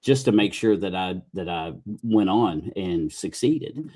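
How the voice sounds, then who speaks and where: Folksy, low-voiced podcast host. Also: male voice, lively intonation, a little slow, darkish tone. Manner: rambling, folksy storytelling with frequent restarts and mild cursing. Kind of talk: casual podcast chat.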